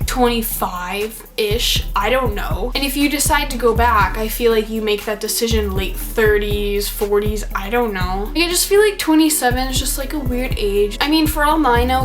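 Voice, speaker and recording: A young woman in her late teens telling a story in casual vlog chat, peppering her talk with "like" and the odd swear word. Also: a little high. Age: young adult. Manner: chatty, heavy use of "like", swears. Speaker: vlogger.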